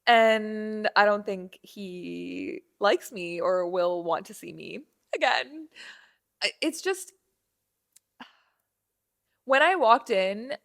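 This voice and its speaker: A woman's voice: medium pitch, slow pace, gravelly, long pauses. A young woman hosting a podcast, telling a casual story with lots of fillers and restarts, acting out the people in it. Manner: animated, acts out dialogue, many fillers and restarts. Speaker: podcast host.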